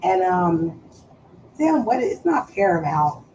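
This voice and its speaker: A woman chatting casually on a live stream, loud and playful, swearing freely and trailing off as she searches for words. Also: on the low side, big pitch swings, slow pace, a little hiss or hum, rough recording.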